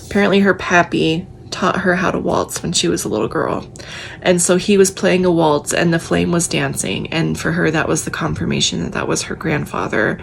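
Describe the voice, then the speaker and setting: An American woman speaking in a low, gravelly voice with plenty of vocal fry. She tells her stories in a chatty, emotional way, like a psychic medium recapping her workday, with a faint rumble of noise underneath. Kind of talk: casual vlog recap.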